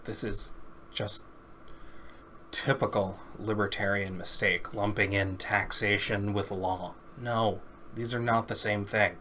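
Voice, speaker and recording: A man's voice: fairly low pitch, flat delivery, slow pace, pushed and bright, slight background noise. Firm man giving a commentary rebuttal. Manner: firm, corrective.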